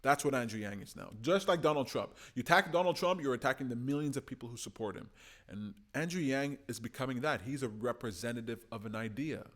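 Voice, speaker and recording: A man's voice: mid-range voice, quick pace. Impassioned man giving political commentary. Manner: impassioned, swings from loud urging to hushed.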